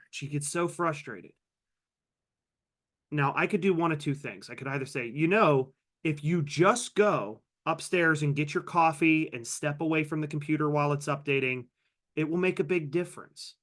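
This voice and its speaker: A man's voice: fairly high pitch, a bit bright. A man teaching a live online workshop on a video call, upbeat and conversational, calling out participants by name and sharing personal stories. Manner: upbeat, reads participant names from chat. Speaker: workshop trainer. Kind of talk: live online training session.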